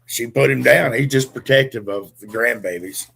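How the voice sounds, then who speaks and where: An older man with a gravelly, husky voice chats casually as a podcast co-host. He drawls along in loose, rambling stories, restarting and trailing off as he goes. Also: mid-range voice, normal speed, fairly bright tone. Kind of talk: casual chat.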